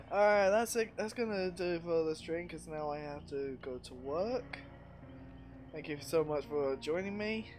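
A man's voice: a little high, a little slow, pauses often, soft background music. A man hosting a casual gaming stream on a headset, chatting with a friend and laughing often as he talks. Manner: giggly, laughs often while talking. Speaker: streamer host.

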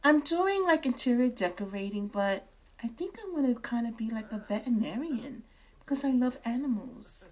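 A woman's voice: a little high, lively intonation, moderate pace, low-quality recording. A woman voicing a sweet bashful young woman sim.

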